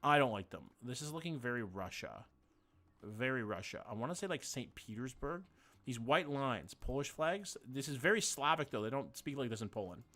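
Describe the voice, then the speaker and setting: A man's voice: mid-range voice, animated, normal speed, bright, forceful tone. Chatty male streamer thinking aloud. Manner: chatty, thinks aloud, swears, greets viewers. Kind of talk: casual live-stream chat while playing.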